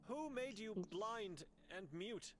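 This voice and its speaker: A man's voice: sits high, lively intonation, takes it slowly, crowd noise, voice pushed up. A man voicing an earnest young male monk who urgently questions people about his missing sister, reading game dialogue aloud on a live stream.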